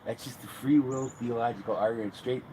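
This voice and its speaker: A man tells a winding story in casual talk, often breaking off and restarting his sentences. His pitch sits in an ordinary middle range. Steady outdoor noise is heard clearly behind him on a mobile recording. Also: fairly quick, rough recording. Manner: rambling, self-interrupting, restarts often. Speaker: author telling a story.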